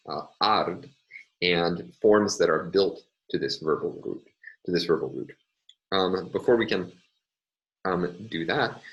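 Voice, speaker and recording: A man lecturing on linguistics, explaining step by step with frequent fillers and pauses. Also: low-pitched, a bit bright, rough recording. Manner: hesitant, many fillers, deliberate explaining. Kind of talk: recorded lecture with worked examples.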